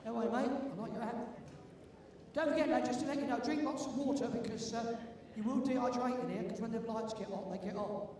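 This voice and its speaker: An older man with a London accent and a very high voice, joking and teasing his way through crowd banter as an event compère. He sounds far from the mic, with heavy echo off a big indoor arena and some faint noise behind. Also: fast, darkish tone. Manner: jokey, teasing, chatty with the audience. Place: large indoor sports arena. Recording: echoey hall from far off, with room noise.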